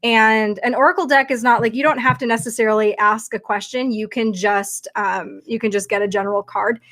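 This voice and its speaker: A woman's voice: a little high, steady tone, brisk, a bit bright. A woman hosting a casual livestream, talking chattily and rambling with lots of fillers into her computer mic. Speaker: livestream host.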